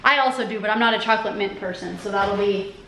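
A woman's voice: medium pitch, fast, fairly bright tone, roomy sound, slight background noise. A woman chatting casually to camera at home for her vlog, upbeat and rambling. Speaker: vlogger. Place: home indoors.

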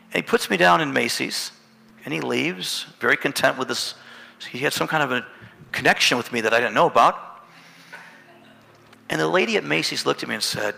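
A man preaching a sermon as pastor, telling stories and swinging from hushed to loud. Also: medium pitch, expressive, fairly quick, creaky, long pauses. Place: church sanctuary. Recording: long church hall reverb.

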